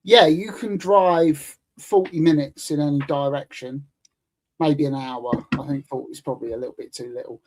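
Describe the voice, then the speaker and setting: British man, 30s, slightly high voice, loose chatty guest talk. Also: fairly even intonation, normal speed, darkish tone, poor audio. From United Kingdom. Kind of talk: casual chat.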